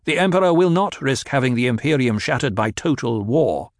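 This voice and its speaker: A man reading an audiobook voices a young male duke heir, commanding and imperious, in a raised, forceful tone. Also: mid-range voice, lively intonation, brisk, dry recording, studio quality, pitched above the performer's own voice, close to an everyday voice.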